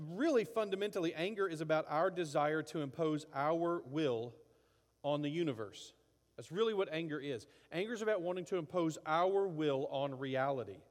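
A middle-aged man preaching in a relaxed, conversational way, with long reverb from a large hall. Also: fairly high pitch. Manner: conversational, acts out angry outbursts. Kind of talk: sermon.

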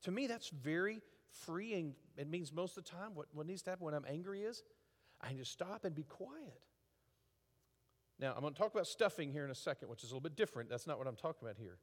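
A middle-aged man preaching a conversational sermon as a pastor, with lively acted asides. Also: a little high, quick pace. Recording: long hall reverb.

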